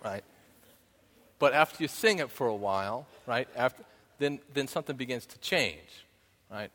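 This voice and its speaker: Man, pastor, chatty sermon, keeps asking "right?", mid pitch, long church reverb. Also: lively intonation, normal speed, a bit bright. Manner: conversational, keeps asking "right?", sings snatches of songs. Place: church sanctuary.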